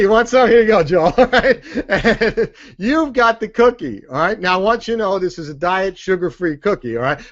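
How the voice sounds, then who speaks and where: A man leading a sales training session, energetic and joking, driving his points home with "okay?" and "right?". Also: high voice, dull audio. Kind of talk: live sales training talk.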